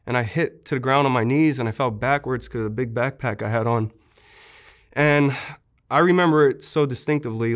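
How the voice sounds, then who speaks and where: A man's voice: medium pitch, clear, resonant tone. A young man, a war veteran, earnestly recounting how he was wounded, in an interview, with many fillers.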